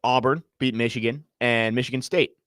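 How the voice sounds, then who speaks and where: Brisk male sports radio host. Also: medium pitch, steady tone, fairly bright tone, no echo, studio quality. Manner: brisk, upbeat, with frequent fillers. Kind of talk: radio hosting and live read.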